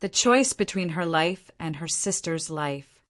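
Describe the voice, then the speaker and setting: A woman's voice: lowish voice, animated, a little slow, fairly bright tone. A woman reading the lines of a cold, menacing older male terrorist leader with a slight accent. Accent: slight foreign accent.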